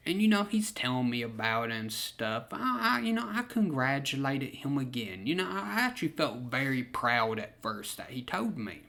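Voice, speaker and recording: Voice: mid-range voice, very animated, normal speed, bright, forceful tone. A young adult, telling a story in a casual, profane, laid-back way. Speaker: vlogger.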